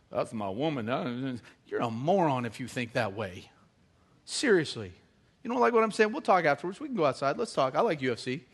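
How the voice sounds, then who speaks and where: A middle-aged man preaching a sermon, animated and joking with the congregation. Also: sits high. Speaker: pastor.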